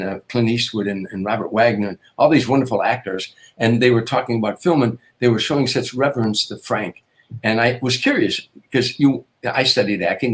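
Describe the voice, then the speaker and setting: An older man, a comedian, telling anecdotes in an interview, with repetitions and quick restarts. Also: medium pitch. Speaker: guest comedian. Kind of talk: storytelling interview.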